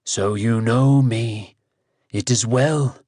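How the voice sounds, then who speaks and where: A man's voice: medium pitch, slow pace, dark tone, dry recording, clean studio sound, voice pushed down. A man voicing a proud hero who poses as a god, speaking in grim, ringing, commanding tones. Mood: imperious.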